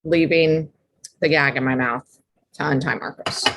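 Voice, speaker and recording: A woman's voice: low-pitched, steady tone, a little slow, a bit bright, a little hiss or hum. A woman playing a tabletop game, who chats casually and teases the other players. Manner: chatty, teasing.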